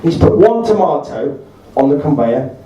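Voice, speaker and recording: A man's voice: fairly high pitch, big pitch swings, moderate pace, mellow, muffled recording, slight background noise. Man telling party anecdotes in an echoey hall. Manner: chatty anecdotal delivery, laughs at own punchlines. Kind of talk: storytelling speech. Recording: echoey room recorded from far off.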